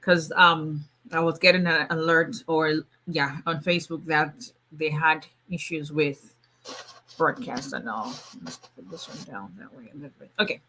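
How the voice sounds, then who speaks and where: Bright-voiced woman attorney chatting live. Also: low-pitched, measured pace, breathy edge. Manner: chatty, laughs often, frequent restarts. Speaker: immigration attorney hosting a livestream. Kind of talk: casual livestream chat.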